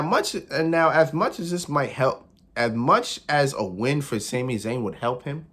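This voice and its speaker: Male vlogger, casual prediction chat, loose, repetitive, quick to laugh. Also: medium pitch, a bit bright. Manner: chatty, repeats phrases, laughs often. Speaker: wrestling pundit.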